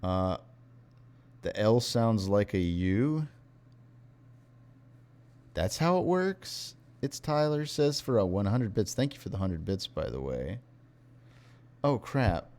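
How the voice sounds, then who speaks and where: A tired young man live-streaming, reading viewer messages aloud in a wry, unhurried way. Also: fairly low pitch, a little mellow.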